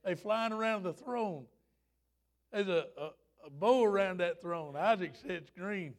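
A man in his fifties preaching a fervent, folksy revival sermon, rising at times to shouts. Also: high voice, a little slow.

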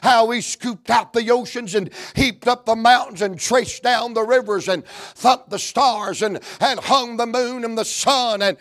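A man preaching a sermon, fervent and rhythmic, rising into shouts and chanted runs of phrases. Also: very high-pitched, measured pace.

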